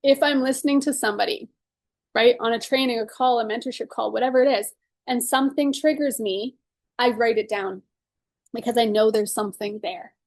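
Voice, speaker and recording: A woman's voice: a little high, a little fast, no echo. A woman leading a guided tapping session and teaching casually, earnest and upbeat, often saying "like" and "right?". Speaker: EFT tapping coach.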